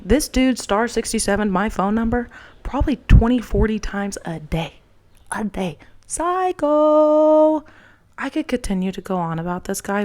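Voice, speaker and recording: A young adult woman hosting her own show, telling a personal story in an animated, frank way with casual swearing. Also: medium pitch. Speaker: podcast host.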